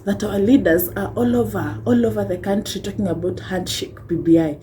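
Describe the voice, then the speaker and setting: A woman's voice: medium pitch, a little fast, dark tone, slight background noise, poor audio. A young Kenyan woman with a Kenyan accent ranting on a vlog, impassioned and rhetorical, tagging points with "hmm?" and wry laughs. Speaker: vlogger.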